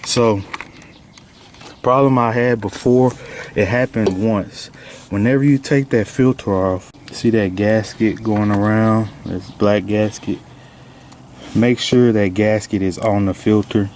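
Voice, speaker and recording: Slow-talking man, windy outdoors. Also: fairly low pitch. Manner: relaxed, plain-spoken, instructive. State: out of breath. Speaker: DIY car vlogger. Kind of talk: casual how-to narration. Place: outdoors under a car. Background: wind and outdoor noise.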